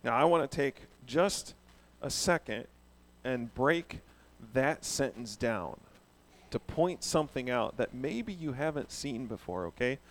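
A man preaching a sermon in an animated way, asking the congregation questions. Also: medium pitch, measured pace. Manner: animated, asks the audience questions. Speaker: pastor.

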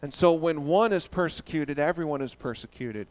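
A man preaching a sermon in an animated way, asking the congregation questions. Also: fairly high pitch, moderate pace. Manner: animated, asks the audience questions. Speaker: pastor.

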